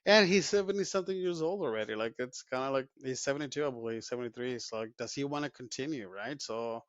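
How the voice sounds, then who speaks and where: A man's voice: mid-range voice, fast talker, no room sound. A man talks through sports news in a loose, rambling way, full of fillers and restarts. The sound is dull and lo-fi, with a dry, close feel. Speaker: podcast co-host. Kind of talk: casual sports chat.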